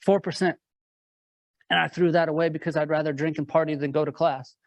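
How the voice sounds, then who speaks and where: A man speaking as a motivational speaker, his voice sitting a little high but held fairly level in pitch. He tells his story earnestly and drives it forward with rhetorical questions. The sound is dry, with little room around it. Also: little pitch movement, fairly quick, no room sound. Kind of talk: personal story told to a live audience.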